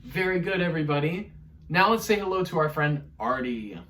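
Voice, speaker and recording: A man teaching an online music lesson to young children, encouraging them through vocal warm-ups. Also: a little high, expressive, brisk, far from the mic.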